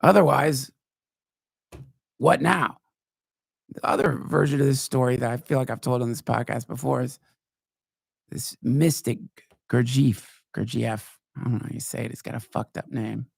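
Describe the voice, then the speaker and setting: A man hosting a podcast, telling rambling, profane stories in a wry, casual way, now and then jumping into high mocking voices. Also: moderate pace, vocal fry, pauses often, slightly rough, no echo, clean studio sound. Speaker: podcast host. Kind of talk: casual storytelling monologue. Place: live show.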